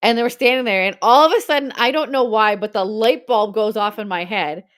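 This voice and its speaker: A woman's voice: a little high, a little fast, a bit bright, clear, resonant tone. A woman in her forties hosting a live-stream sale, chatting casually, telling stories with frequent laughter and reading out viewer comments.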